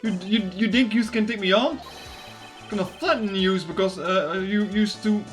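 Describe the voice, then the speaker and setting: A streamer doing a gruff, shouty mob boss. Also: mid-range voice, moderate pace, soft background music, close to an everyday voice. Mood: menacing. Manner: shouty, threatening street slang. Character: gruff male mob boss, menacing and hot-tempered.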